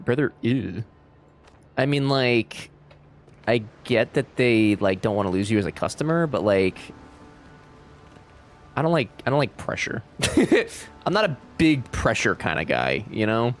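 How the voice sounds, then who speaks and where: A man's voice: mid-range voice, lively intonation, measured pace, long pauses, slight background noise. A young man casually commenting on a game he is playing, joking and swearing, and reading game lines in silly accents. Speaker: streamer.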